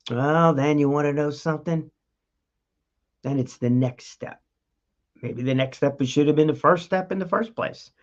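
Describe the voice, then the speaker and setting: A man's voice: a little high, highs cut off. A man hosting a talk show, giving an emphatic motivational monologue straight to the listener in a coaching tone. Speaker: podcast host.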